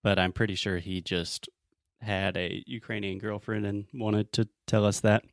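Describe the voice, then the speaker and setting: Male English teacher, mild Southern twang, lowish voice, dry close sound, explains by acting out examples. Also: little pitch movement, moderate pace, no echo. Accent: mild Southern American. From Southern United States. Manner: explanatory, acts out example lines. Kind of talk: podcast conversation lesson.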